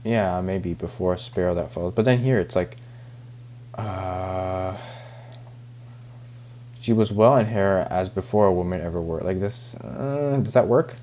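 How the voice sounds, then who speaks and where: A man's voice: low voice, a little slow, long pauses, mellow, slight background noise. A young man reading a novel aloud and stopping to puzzle over words, muttering, cursing and dropping into whispers. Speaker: reader.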